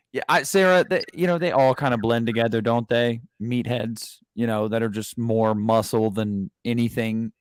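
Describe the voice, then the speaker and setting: A man's voice: mid-range voice, normal speed, clear, resonant tone, no echo. A man hosting a livestream in casual chat, rambling with many fillers and restarts. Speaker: livestream host.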